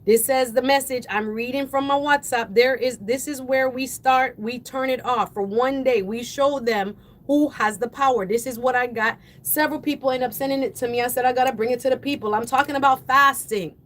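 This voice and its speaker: A woman hosting a call-in radio show, delivering impassioned, preachy commentary that swells toward yelling. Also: high voice, fairly quick. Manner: fiery, preachy, rising to yelling then apologizing. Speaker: radio talk show host.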